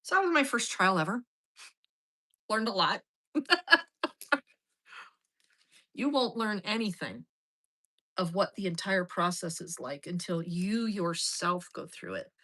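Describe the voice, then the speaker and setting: A middle-aged woman with a bright, forceful voice talks through a personal story in a loose, casual monologue. She is blunt and swears freely as she goes. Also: mid-range voice, animated, slow, pauses often, poor audio. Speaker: host.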